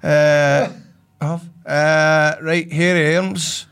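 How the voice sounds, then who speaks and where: A man's voice: a little high, flat delivery, drawn-out words, gravelly, a bit bright, smooth. A Scottish man, a wrestler co-hosting a podcast, joking in casual chat. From Scotland. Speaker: wrestler and co-host.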